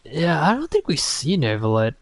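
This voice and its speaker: A man chats casually over his gameplay, musing aloud and hedging his guesses. His voice moves lively up and down, recorded dry with no room sound. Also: a little high, moderate pace, no room sound. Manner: musing, unsure. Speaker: gaming streamer. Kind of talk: casual game commentary.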